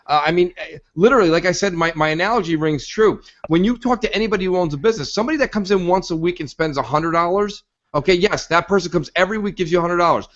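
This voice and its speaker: A man with a high voice rants hard on a gaming podcast, emphatic and profane. The audio is dull and lo-fi, with a narrow, muffled sound. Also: fast, a bit bright. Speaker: podcast co-host. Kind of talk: casual podcast rant.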